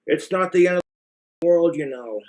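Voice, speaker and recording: A man's voice: a little high, moderate pace, a little mellow. Blunt, crude American man rambling. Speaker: vlogger giving advice. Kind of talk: casual monologue to camera.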